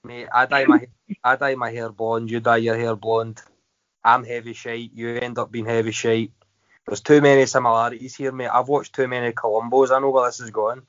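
A man's voice: mid-range voice, level tone, moderate pace, a bit bright, no echo. A Scottish man hosting a casual podcast chat, teasing his guest and laughing often. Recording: dry, dull lo-fi audio.

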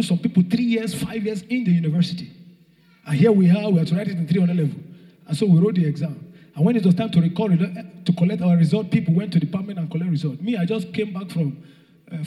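A young man preaching a rousing sermon, shouting and half-singing phrases and calling out to the congregation. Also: high-pitched. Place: church hall. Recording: long hall reverb.

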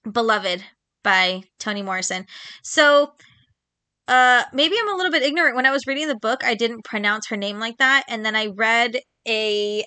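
A woman hosts a casual solo book podcast with a bright, forward tone and a slightly higher voice. She talks chattily and with emphasis, repeats herself for stress and fills pauses with ums. The sound is close and dry. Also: no echo. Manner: quick laughs between points. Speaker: podcast host.

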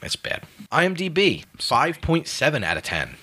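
A man's voice: on the high side, slightly rough. A man co-hosting a podcast, chatting casually and joking while reading out movie scores. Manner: lively, jokey, reads scores with drawn-out emphasis. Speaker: podcast co-host. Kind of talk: casual movie review chat.

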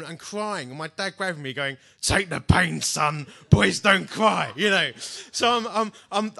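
A man preaching a sermon to a hall, telling personal stories in a lively way and acting out the voices of the people in them. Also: high-pitched. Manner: animated storytelling, acts out quoted voices. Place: large hall before an audience.

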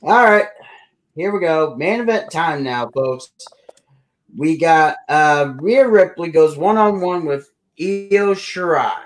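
A man's voice: fairly high pitch, lively intonation, takes it slowly, poor audio. A man co-hosting a casual podcast, running through match results in a loose, filler-heavy way. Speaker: podcast co-host.

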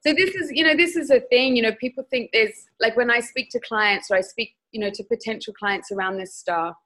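A woman's voice: fairly high pitch, fairly quick, few pauses, pushed and bright, rough recording. A woman speaking as a sex educator guest in a candid podcast interview, frank and emphatic as she tells stories.

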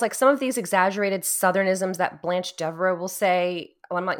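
A woman from Louisiana, co-hosting a casual chat about a video game, telling stories in an animated way and laughing often. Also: lowish voice, moderate pace, few pauses. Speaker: podcast co-host.

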